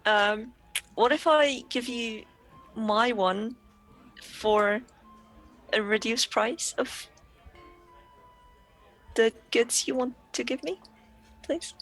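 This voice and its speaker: Slow, hesitant woman player. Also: a little high, a bit bright, soft background music. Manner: hesitant, stammering, giggly. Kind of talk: tabletop role-play.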